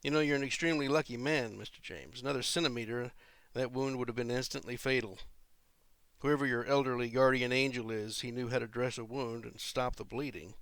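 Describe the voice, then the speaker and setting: A man doing a soft-spoken French doctor. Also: medium pitch, brisk, no room sound, natural voice. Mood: calm. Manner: soft-spoken, calm, clinical. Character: thin, calm male hospital doctor.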